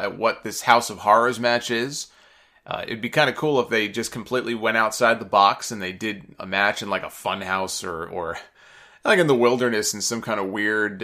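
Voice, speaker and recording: A man's voice: medium pitch, pushed and bright. A man hosting a podcast, giving a casual, opinionated recap in a chatty way with frequent fillers. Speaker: wrestling recap podcast host.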